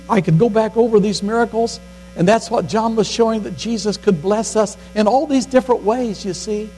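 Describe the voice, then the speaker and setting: In a low-quality recording with slight background noise, a grandfatherly older pastor with a dark-toned voice delivers a folksy sermon. When he quotes scripture, he acts the lines out with rising pitch.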